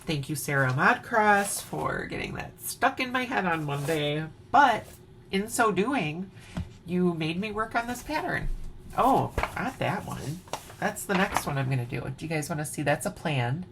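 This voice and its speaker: A Wisconsin woman with an Upper Midwest American accent shows off her cross-stitch at home during the night, keeping things chatty and playful and singing pieces of songs. Her fairly low voice is expressive at a normal speed, set against a noisy background.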